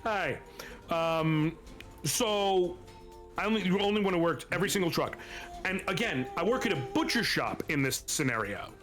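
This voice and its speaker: A man's voice: high voice, expressive, moderate pace, fairly bright tone, soft background music. A man in his thirties co-hosting a stream, telling emphatic, casual anecdotes with some swearing and speaking straight to the audience. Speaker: stream co-host.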